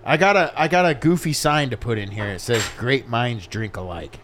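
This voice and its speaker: A man's voice: medium pitch, moderate pace, fairly bright tone. A man co-hosting a podcast, laid-back, laughing through casual banter. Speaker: podcast co-host. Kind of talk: casual chat.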